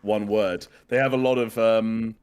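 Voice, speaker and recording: A man's voice: on the low side, fairly even intonation, unhurried, darkish tone, clean tone. A man from the UK hosting a podcast in casual chat, rambling and restarting his sentences. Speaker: podcast host.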